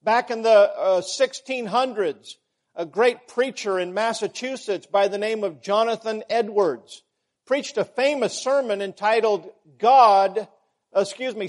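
A man delivers a sermon at an unhurried pace, his voice sitting high. He builds emphasis through repetition, lifting on key words, then dropping back to a measured teaching tone. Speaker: preacher.

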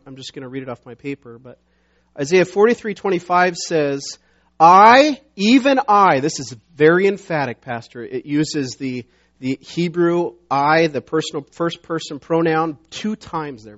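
A middle-aged man preaching a sermon as pastor, talking conversationally with many restarts and fillers, growing emphatic when he reads scripture. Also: on the high side. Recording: dull lo-fi sound.

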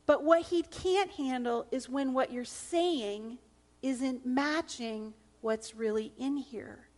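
A woman pastor, middle-aged, delivers a sermon with a high voice. She speaks slowly and earnestly, leaning hard on her points and now and then sinking to a near whisper. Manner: earnest, emphatic, drops to a hush at times.

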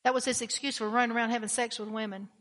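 A woman's voice: a little high, steady tone, very fast, a bit bright, in a large hall. A woman pastor preaching a blunt, emphatic sermon, often repeating her key phrases.

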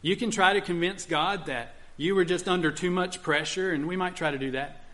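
Guy preaching a sermon, slightly high voice, slips into pleading prayer voices. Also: a little fast, few pauses, bright, forceful tone. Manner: acts out pleading prayers in the first person. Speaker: pastor.

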